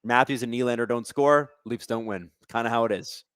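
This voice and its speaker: A man hosting a live hockey watch-along stream, commenting casually on the play and reading chat, excitable and sarcastic, swearing at the refs. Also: medium pitch, a little fast, smooth, dry recording, clean studio sound.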